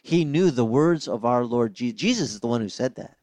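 An older man preaching a sermon as pastor, telling stories with lively acted-out voices. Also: mid-range voice, moderate pace, dry recording. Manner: animated storytelling, acting out voices of others.

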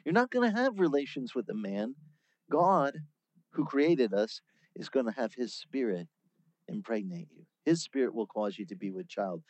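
A man preaching a sermon, teaching through a Bible passage in a lively, conversational way. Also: mid-range voice, moderate pace, no room sound, dull audio. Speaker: pastor.

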